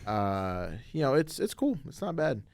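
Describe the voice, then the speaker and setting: A young man in relaxed podcast chat, hesitant and full of fillers. He brightens into lively bursts when a topic excites him. His voice is mid-pitched and sits dry and close. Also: moderate pace, creaky, no room sound. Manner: hesitant with many ums, turns animated when excited. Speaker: podcast co-host. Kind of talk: casual chat.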